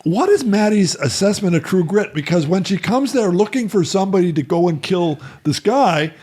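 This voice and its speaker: A man's voice: high-pitched, expressive, normal speed, darkish tone. A man hosting a podcast, talking through a film with a wry, teasing manner. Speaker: podcast host. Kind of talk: casual film discussion.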